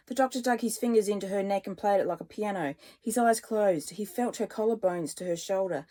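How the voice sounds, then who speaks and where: A woman, a children's author, reading a scene from her own book aloud with expressive narration. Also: medium pitch. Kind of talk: storybook reading.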